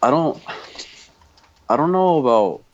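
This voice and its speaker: A man's voice: on the high side, lively intonation, a little slow, darkish tone, a little hiss or hum. A man co-hosting a podcast, chatting casually about films in a rambling way with many fillers. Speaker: podcast co-host. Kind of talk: casual film chat. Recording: dull lo-fi audio.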